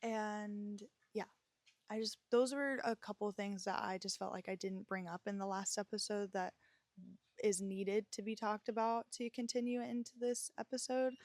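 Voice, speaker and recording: A woman's voice: mid-range voice, a little mellow, no room sound. A woman in her twenties, hosting a podcast and telling a personal story in a candid, emotional, rambling way, with many fillers and restarts. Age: 20s. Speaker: podcast host.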